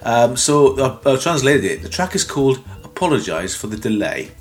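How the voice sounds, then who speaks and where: A man's voice: medium pitch, very animated, moderate pace. A man casually introducing tracks on his music show, rambling with plenty of ums and uhs. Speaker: radio or podcast music show host.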